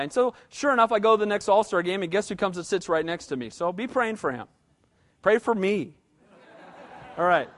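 A middle-aged man, a pastor, preaching a sermon in a conversational way, with asides and calls to the congregation. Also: high-pitched.

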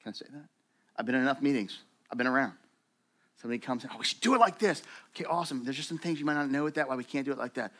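A man preaching a sermon to his church in a conversational, animated way, acting out quoted voices. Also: medium pitch, rapid-fire. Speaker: pastor.

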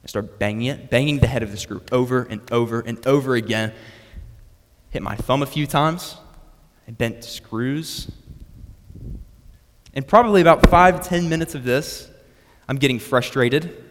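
A man's voice: mid-range voice, normal speed, pauses often. A young man preaching a sermon that is built around a personal story, with a storytelling manner and frequent restarts on his words. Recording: long reverb of a hall.

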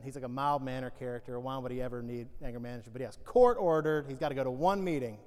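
A male pastor giving a conversational, joking sermon with animated storytelling. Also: medium pitch, smooth, big-room sound.

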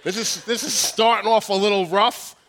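A man's voice: high-pitched, fairly even intonation, moderate pace, fairly bright tone. A nasal man in his forties with a Long Island accent, preaching a joking, self-deprecating sermon with lots of restarts. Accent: Long Island New York. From Long Island, New York. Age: 40s. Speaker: pastor.

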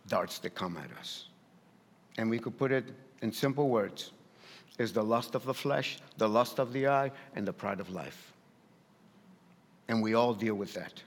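Repetitive, emphatic preacher man in a hall. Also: mid-range voice. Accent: non-native English. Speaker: pastor. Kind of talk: sermon.

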